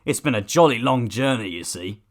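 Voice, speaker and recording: A man's voice: medium pitch, lively intonation, brisk, lightly acted. A man voicing an earnest young boy captain who speaks eagerly and politely in an audiobook. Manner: eager, well-spoken and jolly. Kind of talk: audiobook character acting.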